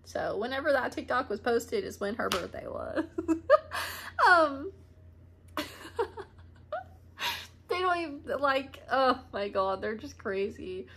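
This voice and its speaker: A woman's voice: fairly high pitch, lively intonation, slow, creaky, pauses often, bright, forceful tone. A woman in her twenties telling a rambling family story to camera, chatty and laughing often. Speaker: vlogger. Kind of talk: casual storytime monologue. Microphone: camera mic.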